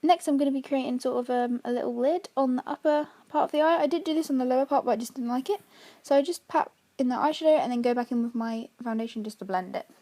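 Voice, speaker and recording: Girl doing a makeup tutorial, high voice, talks fast and chatty. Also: dark tone. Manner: chatty, explaining steps. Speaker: makeup artist.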